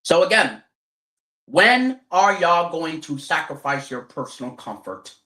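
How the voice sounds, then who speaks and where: Ranting streamer, profane, rhetorical questions, forceful tone, echoey room. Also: mid-range voice, sing-song, a little slow. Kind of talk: angry political rant. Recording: roomy echo.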